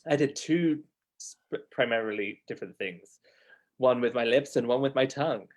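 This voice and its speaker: A man's voice: medium pitch, moderate pace. A man with a Received Pronunciation accent, a guest on a live accent Q&A, explaining in a thoughtful, hesitant way. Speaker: guest coach. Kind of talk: live Q&A session.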